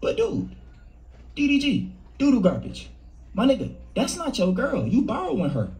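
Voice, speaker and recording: A man's voice: very high-pitched, wildly swooping pitch, moderate pace, darkish tone. A man hosting a casual commentary video, mocking and conspiratorial in tone. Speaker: host.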